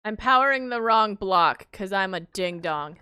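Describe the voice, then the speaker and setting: A woman's voice: medium pitch, expressive, measured pace, sharp tone, clean tone, no echo, clean studio sound. A woman streaming a game, chatting to herself and her viewers as she builds, mocking her own mistakes. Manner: self-mocking, talks to herself while building. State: hiccups. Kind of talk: casual gameplay commentary.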